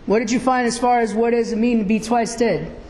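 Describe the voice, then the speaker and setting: Preacher, male, high-pitched, unhurried, teaching from scripture in a reverberant hall. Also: steady tone, darkish tone, a little hiss or hum. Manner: slow, questioning the congregation. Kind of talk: sermon. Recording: echoey hall.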